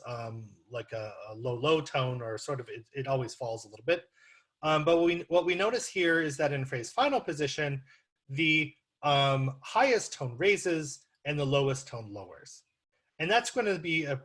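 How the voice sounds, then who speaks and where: A man with an American accent delivers an online academic lecture in a slightly higher-than-average voice. He talks listeners through slides, with plenty of ums and uhs. The audio comes through a computer mic on a video call. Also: fairly bright tone. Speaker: guest lecturer.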